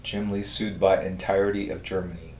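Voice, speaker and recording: A man with an American accent casually chatting on a live stream while he draws, reading viewer comments aloud in a low-key, mumbling way. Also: flat delivery, brisk, reverberant, a little hiss or hum. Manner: reads viewer comments aloud, laughs often, tries awkward German.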